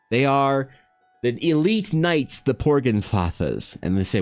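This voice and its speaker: A man's voice: mid-range voice, big pitch swings, a little slow, faint music behind. A man streaming his art and chatting casually, rambling with many restarts and filler words and greeting viewers directly. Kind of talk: casual live-stream monologue.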